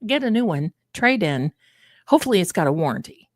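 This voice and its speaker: A woman's voice: on the low side, very animated, fairly quick, no echo, studio quality. A woman hosting a casual live stream, chatting animatedly with her viewers and calling them her loves. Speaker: livestream host.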